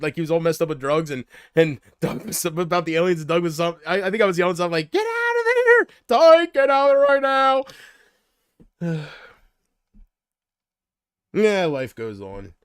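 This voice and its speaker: A man's voice: a little high, fast talker, hardly any pauses, no echo, clean studio sound. A man chatting casually on a livestream, rambling from thought to thought and often trailing off.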